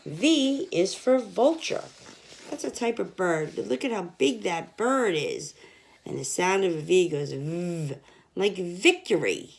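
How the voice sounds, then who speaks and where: A woman's voice: on the low side, vocal fry. A young woman teaching children, reading an alphabet picture book aloud and sounding out each letter. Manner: slow, sounding out letters, lively sing-song.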